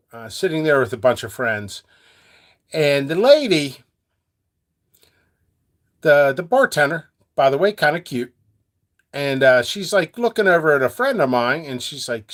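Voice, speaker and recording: A man chatting freely to his viewers as a seed seller, his fairly high voice bouncing up and down. He jumps from topic to topic, cracking jokes and laughing along the way. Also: sing-song, moderate pace, fairly bright tone. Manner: rambling, joking, laughs a lot. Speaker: seed seller and channel host. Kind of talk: free-flowing casual talk to viewers.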